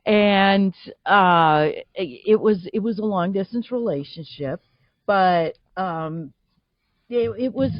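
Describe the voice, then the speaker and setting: A woman's voice: mid-range voice, dry recording, dull audio. A woman from Boston, guest voice actor, talking in a chatty, laughing way with many restarts. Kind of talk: casual interview chat.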